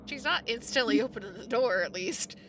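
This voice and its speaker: A woman's voice: on the high side, a little fast, a little hiss or hum, rough recording. A woman playing a tabletop game, chatting casually with lots of laughter and casual swearing. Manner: giggly, animated, swears casually. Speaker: player.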